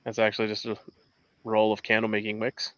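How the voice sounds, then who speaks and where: A man's voice: lowish voice, monotone, fairly quick, lo-fi sound, heavy background noise. A man hosting a casual live question-and-answer show, rambling with frequent restarts as he shows his gear. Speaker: host. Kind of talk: casual livestream chat.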